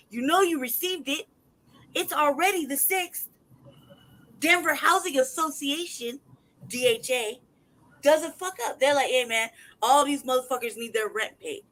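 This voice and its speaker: A man's voice: extremely high pitch, pushed and bright, rough recording. A man hosting a casual livestream who talks in a heated, profane way and reads paperwork aloud in a mocking tone. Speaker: livestream host.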